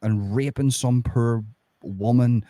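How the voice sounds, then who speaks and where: A man's voice: mid-range voice, takes it slowly, warm tone, dry recording. A man chatting heatedly about true crime, swearing often and restarting his sentences. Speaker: podcast co-host. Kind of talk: casual true-crime chat.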